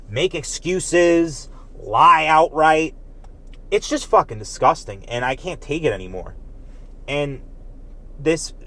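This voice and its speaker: A man delivering a heated, profane political rant as a commentator, emphatic and agitated throughout. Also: a little high.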